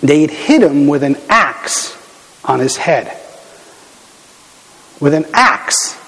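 A middle-aged man with a notably high voice delivers a sermon in a large hall, with long reverb trailing off his words. He tells stories in an animated, conversational way, stumbling and restarting often with "you know." His speech fills the room like a pastor speaking to a congregation. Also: slow. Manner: animated storytelling with many fillers and restarts.

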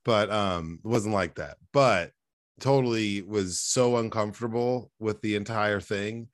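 A man's voice: on the low side, measured pace, dry recording. A man hosting a casual podcast, telling profane, rambling stories full of restarts. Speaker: podcast host.

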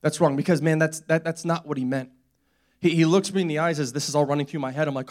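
Young male preacher, slightly high voice, casual storytelling sermon with humorous asides. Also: steady tone, quick pace. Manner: conversational, storytelling with quoted voices, joking asides. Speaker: pastor.

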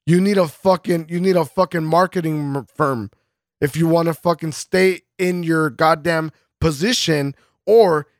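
A podcast co-host with a slightly high voice and fairly even intonation rants angrily at an unhurried pace, swearing constantly and breaking into frequent bursts of laughter. The recording is dry and studio quality, and the talk is a casual, heated podcast rant.

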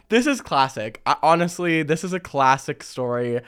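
A young man hosting a casual chat, reading listener stories and telling his own with lively slang and frequent laughter. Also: a little high, normal speed, clean tone. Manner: animated, laughs often, chatty slang. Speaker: podcast host.

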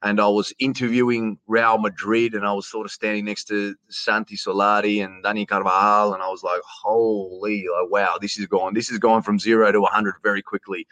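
Chatty Australian man, low voice. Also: fairly quick, few pauses, no room sound. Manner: chatty, animated storyteller who says "mate" often. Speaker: interview guest, sports announcer. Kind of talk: casual storytelling interview.

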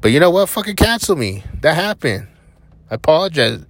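A man's voice: a little high, very animated, a little fast, no echo. A young man from New Mexico hosting a podcast, rambling in a casual monologue from a parked vehicle, blunt, profane and defiant. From Albuquerque, New Mexico. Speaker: podcast host.

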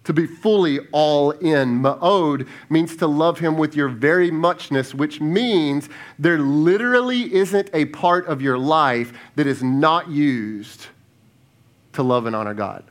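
Speaking slowly in a fairly high voice, this lead pastor delivers a chatty sermon full of rhetorical questions. Words often get restarted or repeated, and he goes quiet and hushed when asking listeners to reflect.

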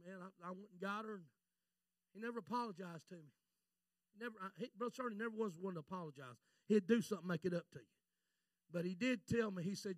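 A middle-aged man preaching a fervent Pentecostal sermon, swinging from shouts to hushed storytelling. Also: high-pitched, quick pace, dry recording. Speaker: visiting preacher.

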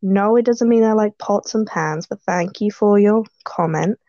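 A woman's voice: mid-range voice, normal speed, dark tone, no echo, muffled recording. A teenage girl chatting casually as co-host, rambling and laughing a lot. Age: teens. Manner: giggly, rambling, self-deprecating. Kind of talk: casual chat.

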